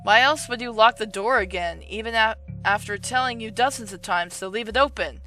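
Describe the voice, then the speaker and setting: A woman's voice: brisk, pushed and bright, soft background music. Woman voicing a possessive raging game mother. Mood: nagging. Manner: shrill, raging, domineering. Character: possessive, controlling mother of a grown son.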